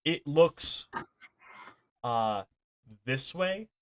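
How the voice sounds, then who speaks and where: A man's voice: a little high, expressive, extremely slow, a little hiss or hum. A man running a tabletop game as dungeon master, talking casually, laughing and swearing a little.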